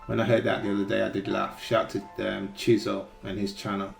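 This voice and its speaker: A man's voice: lowish voice, flat delivery, fast, vocal fry, few pauses, echoey room, faint music behind. A man hosting a reaction commentary, speaking earnestly and giving advice on relationships. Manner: earnest, advising tone. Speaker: commentary host.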